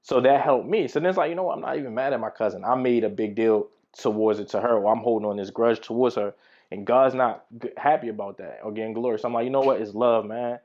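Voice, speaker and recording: Brief: male Bible teacher, conversational storytelling, medium pitch, a bit lo-fi. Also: quick pace, darkish tone. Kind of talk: casual teaching talk with personal stories.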